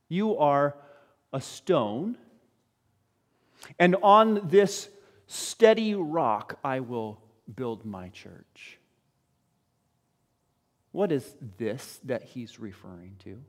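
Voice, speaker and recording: A man preaching a sermon as a pastor, speaking in a lively way to his congregation. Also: on the high side, very slow, pauses often, big-room sound.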